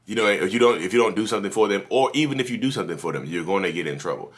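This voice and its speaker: A man with a very low, deep voice talks straight to his audience in an easy, preachy way. He circles back over the same points and keeps calling his listeners "y'all", like a host giving tough-love advice from his office. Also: very fast. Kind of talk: casual direct-to-camera advice talk.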